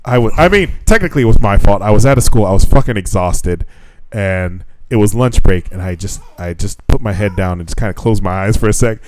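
A man co-hosting a podcast in casual chat, telling stories with lots of swearing and squeaky voices when quoting people. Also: expressive, fairly quick, noisy background. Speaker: podcast co-host.

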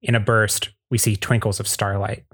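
A man reads the narration of a fan-script table read in a lowish voice. The recording is dry and close, and he tells the story plainly, stumbling now and then. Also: level tone, moderate pace, fairly bright tone, husky, no room sound. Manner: plain storytelling with small slips.

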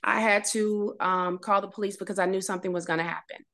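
A woman's voice: medium pitch, steady tone, a bit bright. Woman telling a painful personal story. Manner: emotional, halting retelling with restarts. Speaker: podcast guest. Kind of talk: personal story in a podcast interview.

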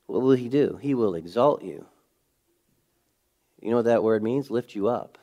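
With an animated, medium-pitched voice at a moderate pace, a middle-aged pastor delivers a conversational sermon, pausing often. He leans on rhetorical questions and shifts between forceful, loud emphasis and hushed moments.

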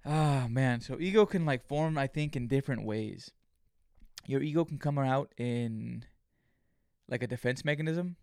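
A man's voice: medium pitch, measured pace, darkish tone, clean tone, no echo, studio quality. A man hosting a solo podcast, talking in a casual, rambling way with lots of swearing, fillers and restarts. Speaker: podcast host.

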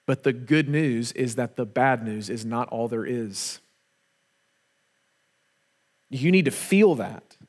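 A man's voice: medium pitch, lively intonation, measured pace. A man preaching a sermon to a congregation, earnest and emphatic, often repeating words for weight. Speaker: pastor.

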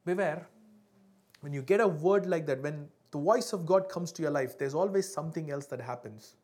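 Man preaching with loud bursts and hushed asides. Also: on the high side, normal speed. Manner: emphatic preaching with sudden loud peaks and hushed drops; asks the congregation for responses. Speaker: pastor. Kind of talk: sermon.

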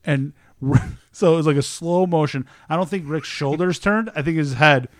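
A man's voice: on the high side, moderate pace, no echo, clean studio sound. A young man telling a rowdy story in a casual chat, swearing freely and acting out what everyone said. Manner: profane, animated, acts out quotes.

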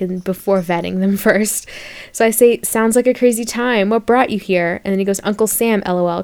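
A woman's voice: medium pitch, a little mellow. A young woman podcaster telling a dating story in a casual monologue, sarcastic and exasperated, with bursts of mock outrage. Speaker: podcast host.

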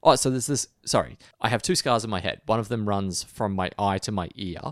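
A man's voice: fairly low pitch, brisk, no room sound, studio quality. A man co-hosting a podcast in a casual, self-mocking chat, chuckling at himself. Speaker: podcast co-host. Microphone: home mic stand.

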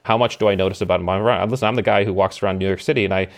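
Man, middle-aged, podcast guest, animated storyteller, lowish voice. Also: very fast, vocal fry. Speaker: podcast guest, former special operations member. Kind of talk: storytelling in casual conversation.

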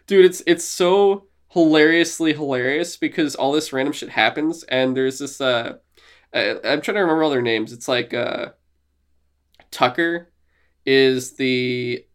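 Excited and casual, this medium-pitched young podcast co-host swears often during the chat. He keeps laughing and slipping into silly voices.

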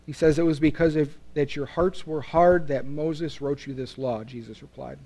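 A man preaching a sermon as pastor, earnest and emphatic, pressing his points hard and then dropping low to let them land. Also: fairly even intonation, normal speed, warm tone. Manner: earnest, emphatic preaching with rising and falling intensity.

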